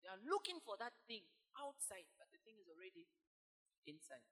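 A woman pastor preaches to her congregation in a voice of middling pitch. She drives her points home with emphasis and often swells to loud, animated bursts. She keeps tossing questions out and calling for responses. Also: fairly quick. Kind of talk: sermon.

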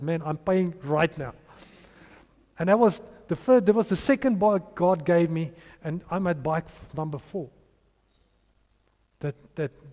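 Male preacher, storytelling sermon, higher voice, lively acted-out dialogue, reverberant hall. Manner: animated, acts out dialogue in changing voices.

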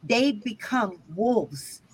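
A woman's voice: fairly high pitch, expressive, drawn-out words, husky, low-quality recording. Emphatic woman teaching scripture. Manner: emphatic, often checks in with "right?". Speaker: Bible teacher.

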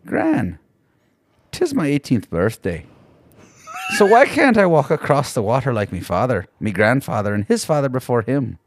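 A man's voice: medium pitch, sing-song, moderate pace, no room sound, voice pushed up. A man voicing an angry, confused young Irishman in a put-on Irish accent, telling a joke on a podcast. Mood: indignant. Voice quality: lilting put-on brogue.

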